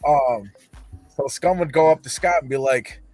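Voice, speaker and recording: A man's voice: medium pitch, moderate pace, a little mellow, soft background music. A man telling rambling, profane stories as a podcast host in casual chat.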